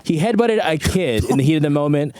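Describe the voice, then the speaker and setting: Upbeat podcast host with an animated voice. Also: male voice, a little high, brisk. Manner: upbeat, steers the talk. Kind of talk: casual podcast chat.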